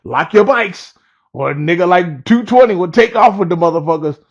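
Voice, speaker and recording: A man's voice: high-pitched, expressive, normal speed, lo-fi sound. A man telling a story in a loose, rambling, profane way, chuckling as he goes. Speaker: storyteller vlogger.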